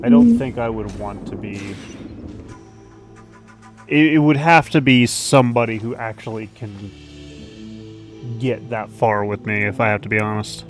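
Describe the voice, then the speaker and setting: A man's voice: lowish voice, lively intonation, a little slow, pauses often, soft background music. A man chatting casually over gameplay, joking and swearing often, on a headset mic. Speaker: gamer streamer.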